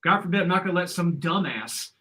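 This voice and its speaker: A man with a slightly high, very bright voice co-hosting a casual comic chat. He throws in exasperated, sarcastic remarks. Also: animated, fast. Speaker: co-host.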